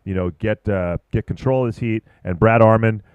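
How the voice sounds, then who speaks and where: A man commentating live at a surfing contest, chatty and excitable, rambling about boards and waves. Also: lowish voice, a little fast, clean tone, no echo, lo-fi sound.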